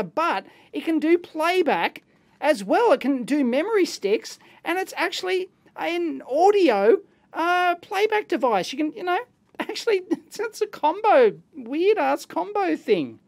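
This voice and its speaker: A middle-aged man with an Australian accent, hosting a casual unboxing video from his electronics lab in an excitable, rambling way full of exclamations and slang. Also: very high-pitched, unhurried, creaky. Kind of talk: casual unboxing and teardown commentary.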